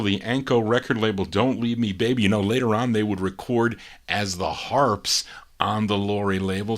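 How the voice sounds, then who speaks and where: A man hosting a live oldies record show, introducing listener requests in relaxed, rambling patter with frequent fillers. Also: medium pitch. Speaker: oldies radio show host and DJ.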